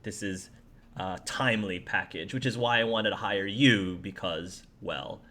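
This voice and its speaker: A man's voice: on the low side, measured pace, sharp tone. A man playing a stern middle-aged male delivery-company boss in a tabletop game, businesslike and full of fillers.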